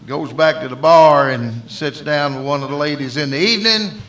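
A man's voice: on the high side, normal speed, fairly bright tone. Folksy Southern man preaching. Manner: folksy storytelling, acting out dialogue. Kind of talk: sermon.

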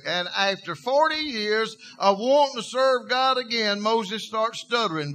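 A man's voice: high voice, animated, a little slow, hardly any pauses, pushed and bright. A man preaching a sermon, telling Bible stories in a folksy, emphatic way.

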